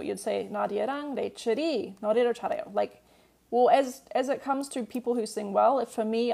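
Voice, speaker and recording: A woman's voice: on the high side, vocal fry, a little mellow. A woman teaching a live-streamed language lesson, patiently explaining grammar and answering viewer questions with lots of "um" and "like".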